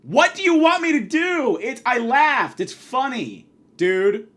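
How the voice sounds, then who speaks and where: A man delivering a profane comedic rant, abrasive and insulting, swinging from yelling to muttering. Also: very high voice, big pitch swings, takes it slowly. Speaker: comedic ranter.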